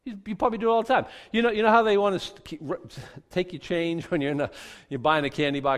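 A middle-aged man preaching with a lively, swooping voice that sits a little high for a man. He jokes and acts out little voices, then leads a prayer. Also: fast. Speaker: pastor. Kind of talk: sermon.

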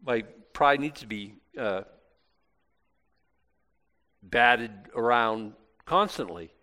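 Taking it slowly, a pastor with a medium-pitched, animated, sharp-toned voice leads a casual Bible talk. He chats and rambles with many restarts, joking lightly and being self-deprecating.

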